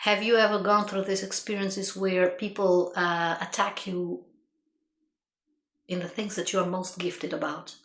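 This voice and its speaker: A woman's voice: medium pitch, flat delivery, a little slow, fairly bright tone. Woman talking earnest life stuff, repeats things for emphasis, kinda roomy echo. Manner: earnest, laughs at own stories, repeats for emphasis. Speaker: motivational speaker. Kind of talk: reflective monologue.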